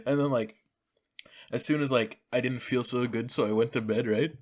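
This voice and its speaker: A man's voice: medium pitch, fairly even intonation, normal speed, darkish tone. A young man hosting a casual podcast, telling a rambling, profane story full of fillers and restarts. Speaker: podcast host. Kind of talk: casual chat.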